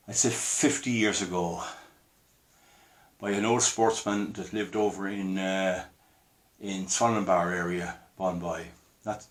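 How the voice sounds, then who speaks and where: A man's voice: mid-range voice, fairly bright tone. Rambling indignant older Irish man. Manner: rambling, indignant, with many restarts. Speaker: commentator. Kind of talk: casual monologue to camera.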